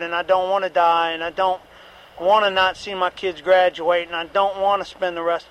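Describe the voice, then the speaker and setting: A man's voice: sits high, fairly bright tone, clear, resonant tone, rough recording. A middle-aged man giving a candid, repetitive personal testimony at a recovery meeting, with occasional profanity.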